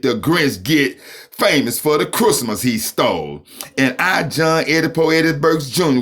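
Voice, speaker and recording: A man performs his own rhyming story as spoken-word verse. His delivery rides the rhythm and leans hard on the rhymes. His voice sits at an ordinary mid pitch for a man. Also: a bit bright. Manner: rhythmic, rhyme-driven delivery with emphatic stresses.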